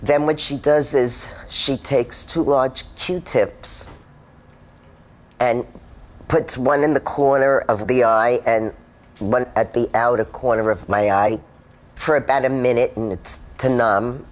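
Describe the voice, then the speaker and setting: A woman's voice: extremely low pitch, fairly even intonation, takes it slowly. A woman, a former smoker, telling her own story in a candid, emotional testimonial. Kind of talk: personal testimonial.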